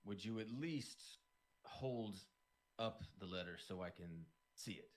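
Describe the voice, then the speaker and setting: A man voicing a cautious, courteous male gatekeeper in a tabletop game, close to his own low voice. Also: a little slow, lightly acted. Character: wary adult male gatekeeper, polite and cautious.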